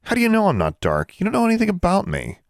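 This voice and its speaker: A man's voice: on the low side, expressive, quick pace, no room sound, studio quality, pitched above the performer's own voice. A man voicing a defiant teenage witch girl who snaps indignant retorts.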